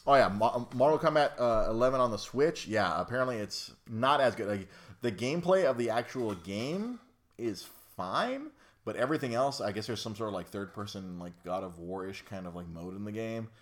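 A young man with a fairly low voice hosts a laid-back chat. He talks in loose, rambling runs, full of fillers and false starts. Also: lively intonation, moderate pace. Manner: rambling, lots of fillers and restarts. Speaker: podcast host. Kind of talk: casual chat.

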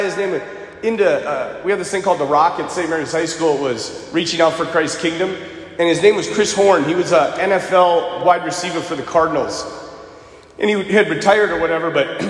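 Priest giving a sermon, lots of acted-out quotes, roomy echoey church sound. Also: male voice, high-pitched. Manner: animated storytelling with acted quotes. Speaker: Catholic priest.

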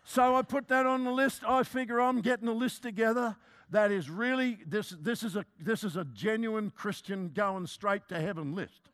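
A man's voice: high-pitched, normal speed, a bit bright. A man, preaching a sermon as a humorous, self-mocking personal story.

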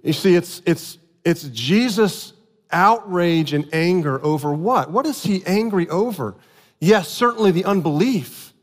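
High-voiced male preacher in a reverberant hall. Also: a little slow. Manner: animated storytelling with acted outbursts. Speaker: pastor. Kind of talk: sermon.

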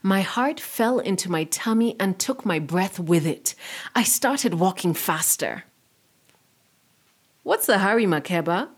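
A woman narrating a story in a measured, expressive way. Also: on the low side.

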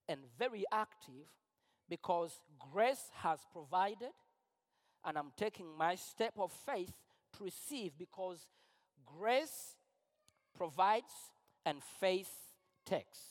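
A man preaching a sermon as pastor, emphatic and repetitive, with rising fervor. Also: sits high. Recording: long hall reverb.

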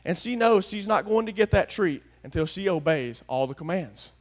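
High-voiced preacher, hushed to shouting. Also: male voice, lively intonation, normal speed. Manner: folksy, swings from hushed to shouting. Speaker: pastor. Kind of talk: sermon.

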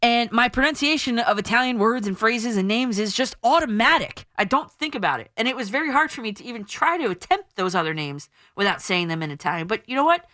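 A woman's voice: fairly high pitch, animated, fairly quick, hardly any pauses, bright, forceful tone, no echo, studio quality. A woman in her thirties hosting a sports talk radio show, chatty and emphatic. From New Jersey. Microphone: studio microphone.

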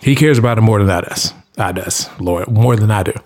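A man's voice: fairly low pitch, fairly quick, a little mellow. A man giving blunt household and hygiene tips in a casual monologue, preachy and emphatic, repeating himself for stress, in informal Southern US speech.

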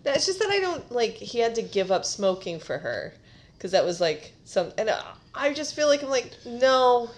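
A woman co-hosting a casual podcast, talking in loose, rambling sentences and laughing easily. Her voice moves through a wide, lively pitch range. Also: normal speed. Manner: giggly, chatty, rambling. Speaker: podcast co-host. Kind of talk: casual comedic chat.

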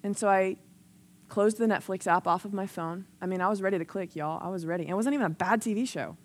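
Talking fast in a mid-range voice, a woman preaches a sermon into a microphone. She sounds earnest and conversational, recounting personal stories heavy with "like" while her intensity climbs.

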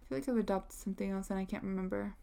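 A woman's voice: medium pitch, steady tone, rapid-fire, vocal fry, mellow. A young woman hosting a casual solo podcast, chatty and rambling with lots of fillers. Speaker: podcast host.

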